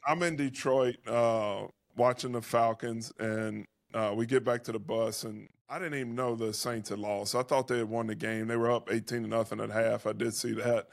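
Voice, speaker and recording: A man's voice: mid-range voice, steady tone, normal speed, creaky, few pauses, no room sound, clean studio sound. A middle-aged man hosting a podcast, a former pro football player, chatting in easygoing, teasing banter. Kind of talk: casual podcast chat.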